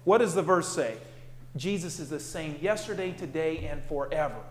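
A male pastor preaching with emphasis, his voice sitting a bit high. He drives points home by repeating them. The sound carries a long, roomy church reverb. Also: moderate pace. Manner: emphatic, repeats key phrases. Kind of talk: sermon.

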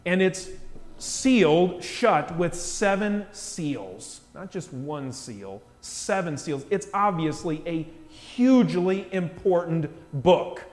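A man preaching from the pulpit in a fairly high voice, drawing listeners in with rhetorical questions. He drops to near hush for weight, then swells to loud emphasis. His voice trails off in a long church reverb. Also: takes it slowly. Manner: animated storytelling with rhetorical questions; swings between hushed and loud emphasis. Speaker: pastor. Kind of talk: sermon.

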